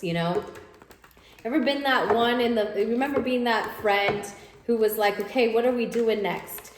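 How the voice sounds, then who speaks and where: Woman, tarot reader, casual chatty reading, repeats herself, echoey room, faint hiss. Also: on the high side. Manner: animated, voices imagined thoughts of the listener, repeats phrases.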